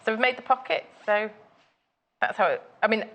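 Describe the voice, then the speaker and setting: A woman's voice: on the high side, expressive, low-quality recording. A woman guesting on a live sewing show, explaining each step of a project in plain terms. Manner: explains steps plainly, apologetic when rushed. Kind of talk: craft demonstration.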